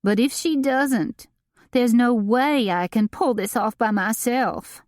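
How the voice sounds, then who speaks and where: A woman's voice: fairly high pitch, slow, darkish tone, no echo, clean studio sound, pitched above the performer's own voice. A woman reading an audiobook and voicing a panicky, self-dramatizing society woman who wails and pleads. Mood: frantic pleading. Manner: wailing, pleading, melodramatic.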